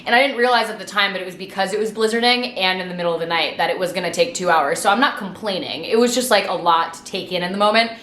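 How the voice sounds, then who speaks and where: A young woman in her twenties telling a storytime vlog in a chatty, sweary, animated way, a little tipsy from wine. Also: mid-range voice, fast talker, hardly any pauses, roomy sound. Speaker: vlogger. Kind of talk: casual storytime monologue.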